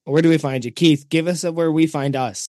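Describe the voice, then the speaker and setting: A man co-hosting a podcast in casual chat, animated and laughing often, swearing freely. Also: fairly high pitch, a little fast, no room sound. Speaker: podcast co-host.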